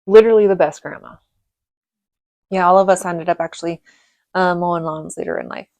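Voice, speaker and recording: A woman's voice: fairly low pitch, steady tone, fairly quick, darkish tone, no echo. Chatty, rambling woman vlogger. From Reno, Nevada. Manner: rambling, chatty, laughs often, many fillers. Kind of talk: casual storytelling monologue.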